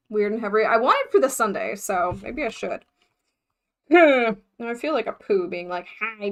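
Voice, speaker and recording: A woman's voice: medium pitch, fairly bright tone. A young woman from the United States chatting casually on a livestream, scattered and thinking aloud, laughing often as she talks to her chat. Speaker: mermaid vlogger livestreaming.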